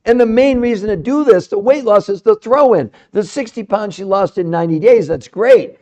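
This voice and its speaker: A middle-aged man hosting a live stream, speaking fiercely and insistently, sometimes dropping into quiet asides. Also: sits high, moderate pace. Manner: fiery and insistent, often trailing off into quiet asides. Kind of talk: energetic live-stream pitch. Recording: dull lo-fi live-stream audio.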